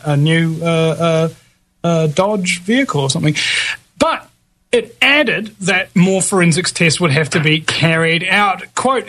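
High-pitched guy hosting talk radio, lots of uhs and restarts, blunt slangy comments. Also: a bit bright. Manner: halting, with many fillers and restarts. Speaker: radio talk show host.

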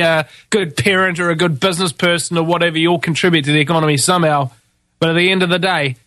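Male New Zealander, political commentator, bright and tense voice, dry close sound, angry sarcastic monologue. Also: high-pitched, dry recording. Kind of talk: ranting monologue.

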